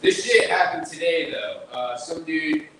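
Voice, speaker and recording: Young male comic, loose and rambling, middle-pitched, miked from a distance in a noisy room. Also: unhurried, pushed and bright, very echoey. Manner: loose, rambling delivery with frequent swearing and restarts. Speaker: stand-up comedian. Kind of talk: stand-up set at an open mic. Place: small bar comedy room.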